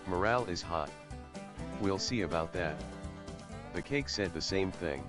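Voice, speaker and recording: A male text-to-speech voice reading viewer messages in an even, mechanical way. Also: deep voice, measured pace, music in the background. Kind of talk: synthetic reading of donation messages.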